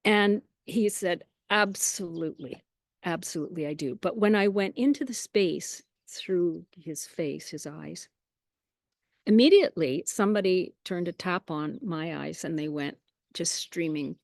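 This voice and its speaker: A woman's voice: lowish voice, measured pace, creaky, no echo, studio quality. Chatty woman telling animal stories. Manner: chatty, lively anecdotes with quoted asides; laughs often between phrases. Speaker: interview guest. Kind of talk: casual storytelling.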